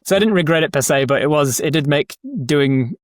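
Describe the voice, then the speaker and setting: A man talking as a guest dungeon master in a casual interview, animated, laughing often and breaking into quick demonstrations of voices. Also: fairly high pitch, dry recording, studio quality. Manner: animated, explains with quick vocal demos and frequent laughs.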